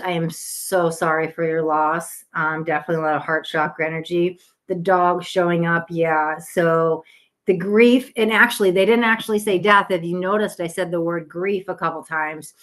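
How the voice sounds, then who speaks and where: A woman's voice: fairly low pitch, fairly even intonation, moderate pace. Tired, chatty psychic woman streaming live. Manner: chatty and earnest, many restarts, gentle guiding talk. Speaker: psychic tarot reader hosting a live stream. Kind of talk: casual live-stream chat.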